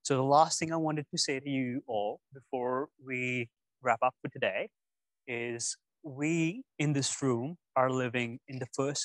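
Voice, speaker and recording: A man's voice: mid-range voice, dry recording, poor audio. Young man telling stories animatedly. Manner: animated storytelling. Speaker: speaker at a youth session. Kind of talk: casual talk to young students. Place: room with an audience.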